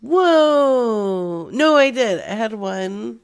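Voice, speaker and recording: A woman's voice: fairly high pitch, animated, extremely slow, clear, resonant tone. A woman co-hosting a prank call show, brash and crude, teasing and laughing a lot in casual banter.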